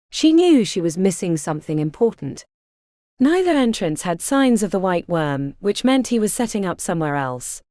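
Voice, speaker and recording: A woman reading a fantasy audiobook aloud in an expressive, dramatic way. Her voice is dark and mellow, with wide, lively pitch movement, and the recording is close and dry. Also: no room sound. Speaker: audiobook narrator. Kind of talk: scripted audiobook narration.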